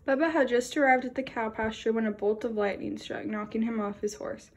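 A woman reading a children's picture book aloud in a lively storytelling way. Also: fairly high pitch, fairly quick, husky. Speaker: storybook reader. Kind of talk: children's read-aloud narration.

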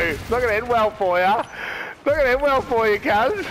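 A man's voice: high-pitched, expressive, moderate pace. A young man trash-talking other players while gaming, taunting and jeering with frequent laughter. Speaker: gamer.

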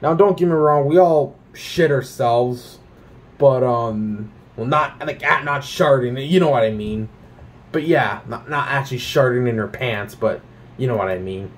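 A man's voice: mid-range voice, unhurried. A young man from Canada ranting casually about things he hates, swearing often and filling with "like" and "um". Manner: profane, animated ranting with many fillers. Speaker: vlogger.

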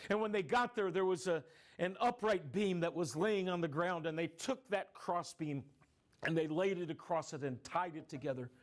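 A man performs an anguished younger brother recounting his brother's suffering as a first-person dramatic monologue. The voice sits high for a man. It stays earnest and emotional, swelling into grief-stricken cries. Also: moderate pace, lightly acted. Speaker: dramatic storyteller.

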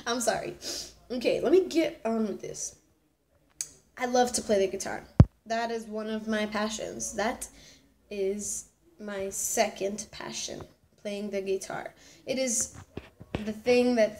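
A woman's voice: mid-range voice, fairly even intonation, measured pace, background noise. A nineteen-year-old woman chatting casually in a vlog, bubbly and rambling, often restarting her sentences. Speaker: vlogger.

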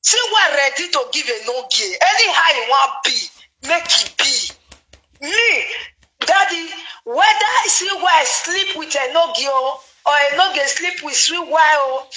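A woman's voice: high voice, low-quality recording. A woman with a Nigerian Pidgin accent, chatting animatedly about gossip and repeating herself for emphasis. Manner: animated, repetitive, excitable. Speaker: gossip commentator. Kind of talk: casual gossip chat.

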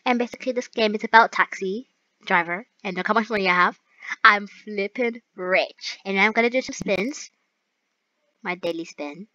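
A young woman playing a game and chatting to her viewers, bubbly and giggly, with excited outbursts. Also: mid-range voice, moderate pace, no room sound, muffled recording. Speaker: gaming YouTuber. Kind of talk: excited gameplay commentary.

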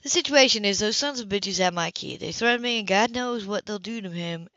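A woman's voice: medium pitch, fairly quick, bright, forceful tone, no room sound, dull audio, close to an everyday voice. A woman reader voicing a coarse, selfish, hard-drinking woman who smokes and swears, talking in a brash, sneering way.

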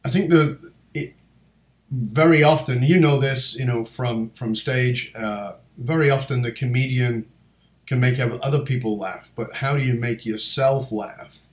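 A man's voice: medium pitch, unhurried. Male host, rambling chat, fillers and restarts, echoey room. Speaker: podcast host. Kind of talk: casual interview chat.

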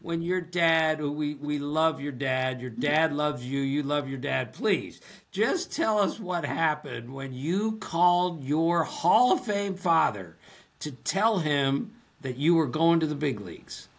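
A man hosting a podcast in a slightly high voice. He teases his guest in a friendly way and coaxes out a story. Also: animated, takes it slowly. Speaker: podcast co-host. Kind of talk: casual chat.

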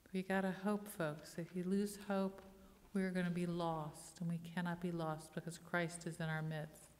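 A woman's voice: lowish voice, little pitch movement, moderate pace, a little mellow. Woman pastor preaching in a reverberant church. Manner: personal storytelling with call-and-response to the congregation. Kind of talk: sermon. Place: church sanctuary.

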